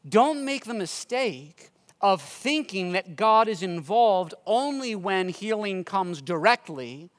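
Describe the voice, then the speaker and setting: A man preaching a sermon as pastor, earnest and rising loudly on his appeals, recorded in a church. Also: sits high, very animated, slow. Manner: earnest preaching, swells loud on exhortations. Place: church sanctuary. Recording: church hall reverb.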